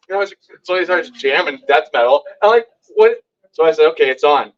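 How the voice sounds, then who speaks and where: A man telling stories to a live audience at a community meeting, lively and acting out what others said. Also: fast, dull audio. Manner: lively, acts out quoted lines with big pitch jumps. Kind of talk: animated storytelling to a live audience. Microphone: hand-held microphone.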